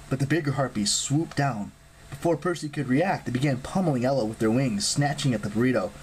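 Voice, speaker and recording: An audiobook reader narrating a fantasy novel aloud in an expressive style. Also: medium pitch, a little fast, slight background noise, low-quality recording. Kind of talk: scripted narration.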